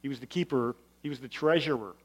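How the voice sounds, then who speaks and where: A man's voice: medium pitch, quick pace. A male pastor giving a sermon in a conversational, explanatory way with emphatic stresses. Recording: long hall reverb.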